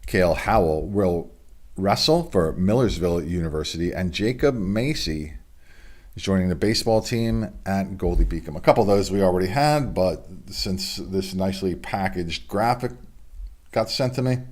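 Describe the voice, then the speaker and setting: A man's voice: low-pitched, expressive, normal speed, a little mellow. A man hosting a casual local sports report from his home studio, reading honors and signings with chatty offhand asides. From United States. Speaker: sports news host.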